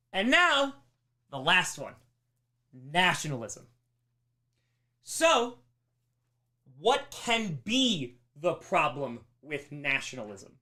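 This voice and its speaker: A man teaching a live history lesson on a stream, emphatic and animated, slipping into mocking voices. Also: on the high side. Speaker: history teacher on a charity livestream.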